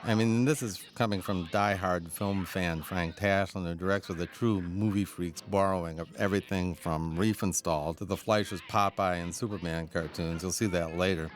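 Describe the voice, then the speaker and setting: Deep-voiced male commentator, enthusiastic and anecdotal, laughing between remarks. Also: fairly even intonation, normal speed, few pauses. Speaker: film commentator. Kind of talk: audio commentary on a cartoon.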